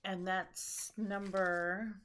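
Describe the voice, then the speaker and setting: A woman's voice: medium pitch, little pitch movement, very slow, a bit bright, slight background noise. A tired woman hosting a casual knitting chat, rambling with lots of ums and restarts. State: tired after a long trip. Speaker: knitting podcast host.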